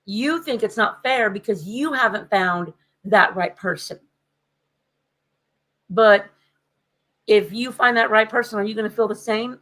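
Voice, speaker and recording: Woman podcast co-host, casual chat, lively sarcastic storyteller, middle pitch. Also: unhurried, pauses often, low-quality recording.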